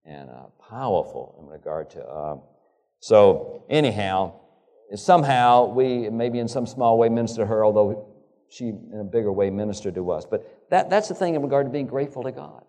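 Halting preacher in a reverberant hall. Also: male voice, mid-range voice, warm tone. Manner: halting, repeats words, asks rhetorical questions. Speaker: pastor. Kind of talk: sermon.

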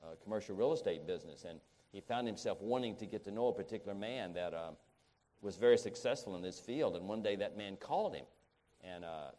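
Low-voiced man preaching with halting restarts. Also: lively intonation, warm tone. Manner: rambling, halting with many restarts, rising to emphatic peaks. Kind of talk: sermon.

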